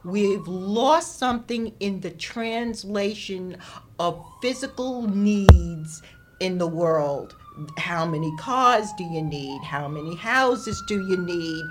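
Slow, preacherly woman. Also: mid-range voice, expressive, very noisy. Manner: preacherly, rising and falling with emphasis. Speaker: radio guest. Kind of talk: inspirational faith talk.

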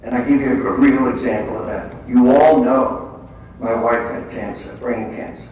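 A man's voice: medium pitch, steady tone, moderate pace, darkish tone, dull audio. An older man giving a faith talk to a group, telling stories with quoted dialogue in an emphatic way. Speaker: lay speaker at a prayer meeting. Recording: echoey hall, distant mic, faint background noise.

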